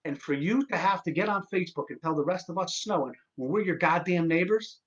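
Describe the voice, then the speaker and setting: A man's voice: high voice, brisk, highs cut off. A man hosting his own live stream, sick and tired, ranting with exasperation and lots of swearing and false starts. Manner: exasperated, profane ranting with many restarts.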